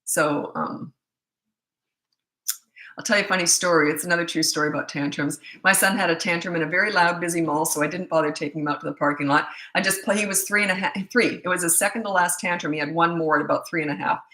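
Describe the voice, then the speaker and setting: A woman's voice: fairly low pitch, fast talker, sharp tone, echoey room, low-quality recording. A middle-aged woman parenting coach telling a story in casual, blunt talk, acting out the voices she quotes.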